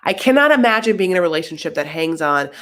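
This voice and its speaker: A woman's voice: lowish voice, expressive, quick pace. A woman giving casual, sarcastic commentary on a reality show, rambling with lots of fillers.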